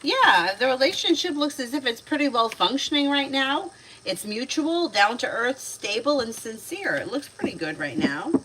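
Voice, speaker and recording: A woman's voice: high-pitched, sing-song, normal speed, background noise. A woman in her thirties giving chatty, casual tarot readings on a livestream, laughing often as she talks. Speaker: tarot reader.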